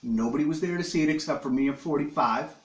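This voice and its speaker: A man with a fairly high voice talks quickly in a reverberant room, hosting a casual live stream from his living room. He eats while rambling and cracking crude jokes with viewers.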